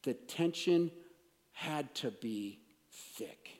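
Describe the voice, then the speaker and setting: A man preaching a sermon, emphatic, swinging between raised declarations and hushed, intense passages. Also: mid-range voice, animated, very slow. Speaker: pastor. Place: church sanctuary. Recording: long reverb of a large hall.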